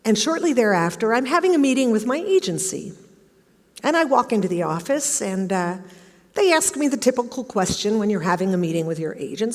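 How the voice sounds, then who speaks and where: A woman's voice: fairly high pitch, expressive, brisk. Storytelling woman in an echoing hall. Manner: storytelling, acts out quoted questions. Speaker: speaker giving a talk. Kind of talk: motivational stage talk. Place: large auditorium. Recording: long hall reverb.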